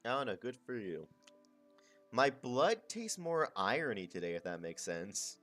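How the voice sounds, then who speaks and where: A man's voice: medium pitch, sing-song, unhurried, fairly bright tone, faint music behind. A man chatting casually to his stream as he draws, rambling, muttering and swearing. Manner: rambling, muttering to himself, crude slang. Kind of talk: casual chat while drawing.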